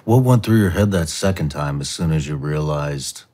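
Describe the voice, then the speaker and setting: A man's voice: extremely low pitch, lively intonation, normal speed, mellow. A man hosting a podcast interview, who asks probing questions and reacts briefly to his guest. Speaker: podcast host.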